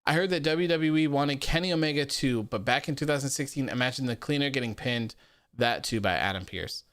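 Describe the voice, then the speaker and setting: A young man hosts a live wrestling post-show in a loose, chatty way. He reads viewer comments aloud and laughs easily. His voice comes across smooth and clear in a dry, close setting. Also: mid-range voice, brisk, a bit bright, no room sound. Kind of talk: casual live-stream commentary.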